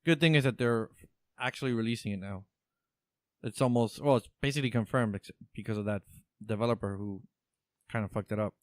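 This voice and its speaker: A man talks games in a loose, casual chat, cursing freely and tripping over his own restarts. His voice comes through smooth and resonant. The sound is dry and close, with no room to it. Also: on the low side, a little fast, long pauses, no room sound. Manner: swearing, stammering restarts. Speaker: podcast co-host.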